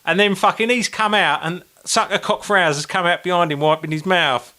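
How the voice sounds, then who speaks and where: A man's voice: high-pitched, brisk. A man co-hosting a podcast, telling swear-laden anecdotes in casual chat and acting out the people in them. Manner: swearing, animated anecdotes with acted-out quotes. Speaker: podcast co-host.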